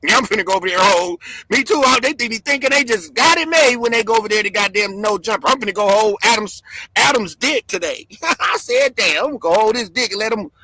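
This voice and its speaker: A man with a very high, bright, husky voice rants on a livestream. He shouts, drops to mutters and cackles. His close, dry mic has no room sound. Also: brisk, no echo, low-quality recording. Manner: loud, excitable, swings between shouting and mumbling, laughs often. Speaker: livestream host. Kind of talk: animated livestream rant.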